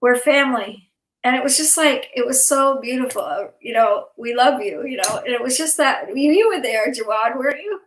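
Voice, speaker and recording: A woman's voice: high voice, expressive, fairly quick, hardly any pauses, a bit bright, a little hiss or hum. Tired, rambling woman in an echoey room. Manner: rambling, emotional, laughs often. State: exhausted, overtired. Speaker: host of a live online event. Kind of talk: casual heartfelt chat.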